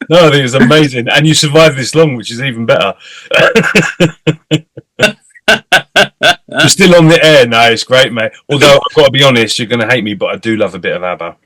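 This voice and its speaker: A man's voice: medium pitch, moderate pace, a bit bright, no echo. A man hosting a casual interview, enthusiastic and matey, often jumping in with reactions. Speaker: host.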